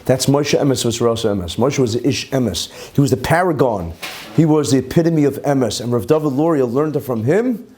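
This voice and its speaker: A man, a rabbi, teaching a class and telling stories with animated delivery. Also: medium pitch, moderate pace, a little hiss or hum. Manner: animated, quotes figures in raised voices. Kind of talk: Torah class with storytelling.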